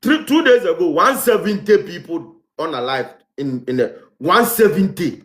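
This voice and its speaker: A man's voice: on the high side, expressive, moderate pace, a bit bright, reverberant. A man with a Ghanaian accent giving a heated vlog commentary, repeating rhetorical questions and hammering his points. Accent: Ghanaian English. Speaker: vlogger. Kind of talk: impassioned commentary monologue.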